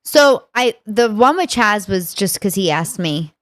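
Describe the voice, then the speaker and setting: A woman with a New York accent, chatting as a comedian guest on a podcast and playfully acting out exchanges. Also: mid-range voice. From New York City. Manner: animated, playful, acts out quick exchanges. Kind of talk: casual podcast conversation.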